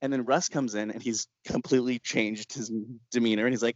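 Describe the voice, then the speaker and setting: A man's voice: mid-range voice, fairly quick, few pauses, no room sound. A documentary filmmaker telling stories in an interview. He laughs often and acts out what people said. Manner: lively storyteller who laughs often and acts out quotes. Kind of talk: interview anecdote. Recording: dull, lo-fi sound.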